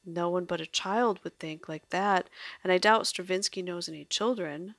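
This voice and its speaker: A woman reading aloud voices a clever male musician from a storybook. He is thoughtful and wry. The voice is low and gravelly in a dry, close sound. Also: normal speed, dry recording, natural voice. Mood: musing.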